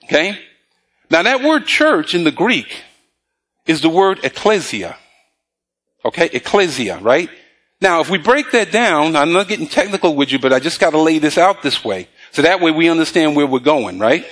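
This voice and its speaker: A male preacher giving a sermon, quizzing the congregation with call-and-response questions and reading scripture slowly. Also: on the high side, sing-song, fairly bright tone.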